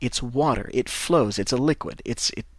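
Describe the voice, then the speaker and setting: An American man from the Midwest, an English teacher and podcast host, gives a podcast lesson for French learners. His mid-range voice moves at normal speed with an encouraging, pep-talk feel, rambling with frequent casual restarts. The booth sound is dry, with no echo.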